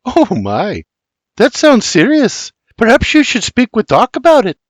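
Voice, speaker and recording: Narrator putting on a soft, breathy, bashful young lass; storybook. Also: male voice, extremely high pitch, huge pitch swings, unhurried, dry recording, voice pushed up, full character voice. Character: shy, sweet young colonial woman who loves singing.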